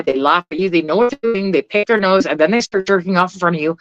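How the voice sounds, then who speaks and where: A woman's voice: low-pitched, fast, few pauses, fairly bright tone, no room sound. Middle-aged lady rambling on a live stream, swears a lot, dull lo-fi dry sound. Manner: blunt, rambling, swears freely. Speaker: vlogger. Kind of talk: casual live-stream chat.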